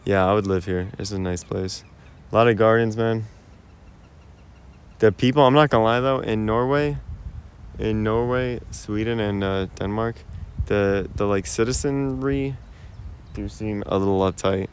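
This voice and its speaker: A young American man livestreams while walking outdoors through a park-like cemetery, chatting casually with viewers in a laid-back, slangy way and laughing often, recorded on a phone. His voice is lowish and smooth, a little slow, with frequent pauses.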